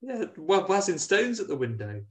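Brit podcast co-host, animated recapper who acts out the characters' lines. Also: male voice, sits high, normal speed. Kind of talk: casual chat recapping a film.

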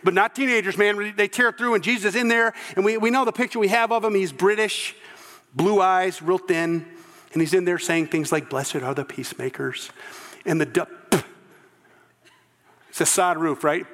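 A male pastor preaching a sermon, animated and throwing in joking asides. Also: sits high, normal speed, long reverb tail.

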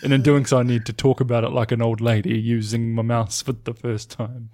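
A man co-hosting a loose, casual podcast at a home mic. He laughs a lot and teases his co-host, swearing playfully as he goes. His pitch sits right in the middle of the range. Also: flat delivery, a little fast, a little mellow.

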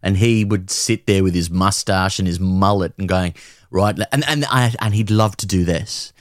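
A man co-hosts a comic chat, his voice sitting on the low side. He rambles, restarts and jokes, recorded close and dry. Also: moderate pace, no room sound. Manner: rambling, jokey, trailing restarts. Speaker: podcast co-host. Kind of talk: comedic casual chat.

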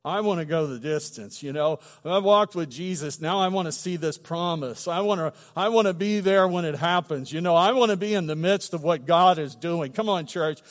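Middle-aged male pastor, higher voice, chatty joking sermon in a church with long reverb. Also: moderate pace, few pauses. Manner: conversational and humorous, with emphatic swells. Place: church sanctuary.

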